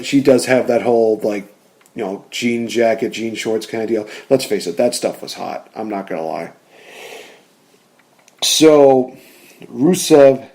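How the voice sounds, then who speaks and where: A young man tells a wrestling story in a relaxed, mellow voice at a middling pitch. He rambles loosely and fills every pause with casual filler words. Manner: rambling, lots of fillers like "you know" and "just". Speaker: wrestling fan rebooking storylines. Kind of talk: casual solo commentary narration.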